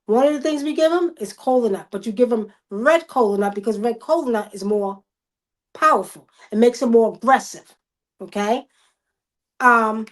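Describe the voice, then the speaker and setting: A woman, telling stories casually on a video call livestream, animated, loudly acting out the quotes. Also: sits high. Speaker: guest.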